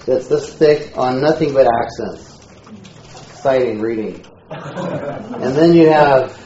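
A man teaching a Greek class in a relaxed, joking lecture style. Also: on the high side, a little hiss or hum. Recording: echoey room, dull lo-fi sound.

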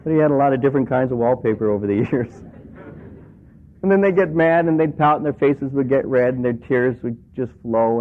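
A man's voice: mid-range voice, fast talker. A middle-aged male pastor preaching a sermon in a conversational way, acting out the voices of the people he quotes. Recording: tinny phone-like radio broadcast.

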